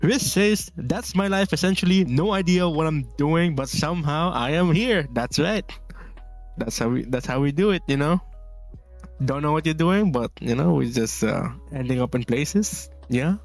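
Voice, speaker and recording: A man's voice: a little high, animated, moderate pace, soft background music. A man from the Philippines streaming casually while drawing, rambling, laughing often and reading chat messages aloud.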